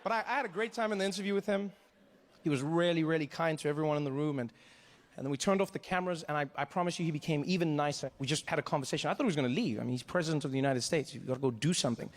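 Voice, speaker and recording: A man from Africa telling a story on stage as a stand-up comedian, animated and acting out scenes. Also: on the high side, very fast.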